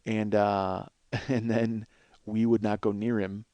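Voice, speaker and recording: Slow and fairly low-pitched, this forties-aged Chicagoan hosts a comedy podcast with no echo in the room. He rambles through a lengthy, profane tale, growing animated whenever he gets worked up.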